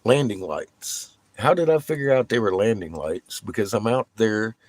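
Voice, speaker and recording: Low-voiced man rambling and swearing. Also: moderate pace, no room sound. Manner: profane, animated storytelling with bursts of laughter. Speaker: vlogger. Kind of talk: rambling casual monologue.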